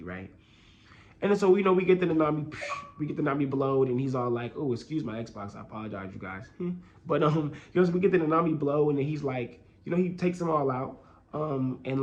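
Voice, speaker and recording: Young male commentator, casual slangy delivery, excitable bursts, ordinary mid-range voice. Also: highs cut off. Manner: excitable, slangy, trails off into low murmurs. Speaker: anime and manga commentator.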